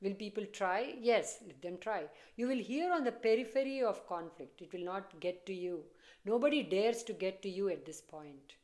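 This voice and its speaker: A woman's voice: medium pitch, normal speed, a little mellow. A woman giving a casual tarot reading, chatty and repetitive, often breaking into laughter. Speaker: tarot reader.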